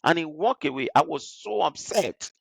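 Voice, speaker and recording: A man's voice: moderate pace, gravelly, husky, no echo. A man with a Nigerian accent, a guest on a podcast interview, telling workplace stories animatedly. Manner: animated storyteller who jumps high to act out quoted people.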